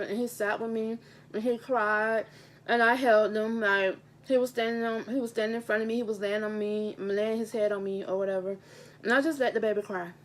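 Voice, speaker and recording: A young adult woman, a teacher, talking in a casual vlog at a table at home, earnest and heartfelt, repeating her points for emphasis, recorded on a camera mic. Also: mid-range voice. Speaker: teacher and vlogger. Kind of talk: casual mukbang vlog talk. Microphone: handheld camera mic.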